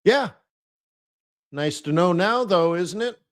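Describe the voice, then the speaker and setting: A man's voice: sits high, lively intonation, takes it slowly. A man hosting a live trading webinar, chatty and playful, laughing at his own jokes and mimicking people in mock voices.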